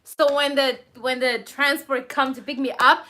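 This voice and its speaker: A woman's voice: high-pitched, little pitch movement, moderate pace, bright, forceful tone. A woman co-hosting a live stream, chatting casually, teasing and laughing often. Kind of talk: casual chat.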